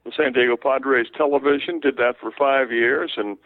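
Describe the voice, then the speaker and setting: An older man, a veteran sports broadcaster, telling relaxed anecdotes as an interview guest. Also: medium pitch, normal speed, dry recording. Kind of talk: casual interview, storytelling. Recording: tinny phone line, dry.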